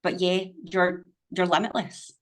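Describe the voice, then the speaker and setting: A woman's voice: on the low side, level tone, unhurried. A middle-aged woman, speaking as a podcast guest in casual conversation, emphatic and motivational, swearing freely. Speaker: podcast guest, business owner.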